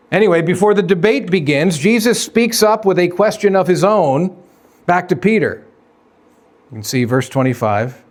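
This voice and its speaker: A man's voice: sits high, animated, normal speed. A man preaching a sermon as pastor, conversational, asking the congregation questions and acting out quoted dialogue.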